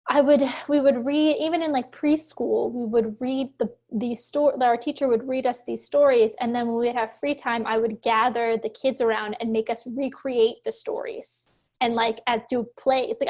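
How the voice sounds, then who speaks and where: High-voiced chatty actress from Philadelphia. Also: female voice, darkish tone. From Philadelphia, USA. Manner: chatty, fast, many "like" fillers, laughs often. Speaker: actor and producer guest. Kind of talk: casual interview chat.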